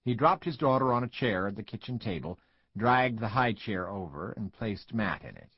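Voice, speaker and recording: A man narrating an audiobook in an expressive, measured way, close to the mic. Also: fairly low pitch, slightly rough, no echo, lo-fi sound. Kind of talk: scripted narration.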